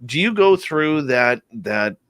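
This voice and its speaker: Forceful, dry-voiced male radio host. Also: medium pitch, slow pace, clear, resonant tone, no room sound. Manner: animated storyteller who acts out quoted speech. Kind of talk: casual interview talk.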